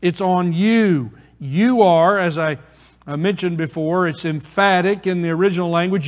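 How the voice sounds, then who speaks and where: A male pastor preaching a sermon slowly and deliberately, repeating key phrases for emphasis. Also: sits high. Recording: reverberant hall.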